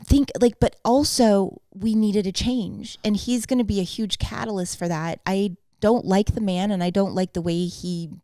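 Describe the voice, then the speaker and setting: A woman's voice: mid-range voice, fairly even intonation, normal speed, few pauses, warm tone, no echo, clean studio sound. A woman in her forties hosting a podcast in casual chat, blunt and emphatic, with frequent swearing. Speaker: podcast host.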